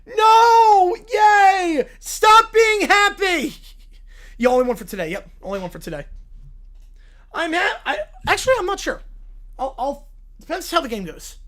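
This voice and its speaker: Quick-talking male streamer. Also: extremely high pitch, wildly swooping pitch, fairly bright tone. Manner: quick, hesitant sports talk. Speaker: streamer host. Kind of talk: casual live-stream chat.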